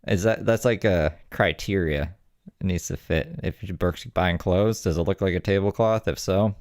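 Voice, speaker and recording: A man's voice: low voice, moderate pace, a little mellow, no room sound. A man commenting on video clips in a dry, mocking way. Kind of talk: reaction commentary.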